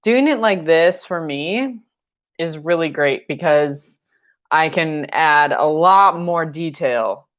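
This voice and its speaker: Woman, painting teacher, live-stream lesson, unhurried, lower voice, playful. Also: lively intonation. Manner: chatty and jokey, laughs often. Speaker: paint night instructor.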